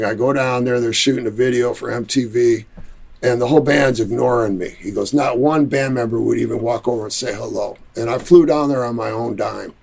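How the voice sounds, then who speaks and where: Gravelly animated Detroit storyteller man. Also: medium pitch. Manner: animated storyteller who acts out quotes. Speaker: musician and studio owner, guest. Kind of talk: casual storytelling interview.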